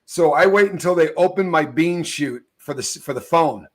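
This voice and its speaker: A man's voice: fairly high pitch, normal speed. A middle-aged man hosting a casual show, telling stories animatedly, laughing mid-sentence and using a lot of slang. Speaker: podcast host. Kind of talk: casual storytelling chat.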